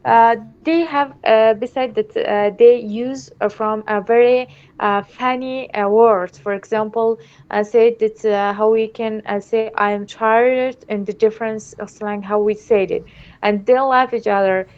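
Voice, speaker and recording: Halting woman student on a dull line. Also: fairly high pitch, fairly even intonation, darkish tone. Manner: halting, many fillers. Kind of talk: answering in class. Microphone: computer mic on video call.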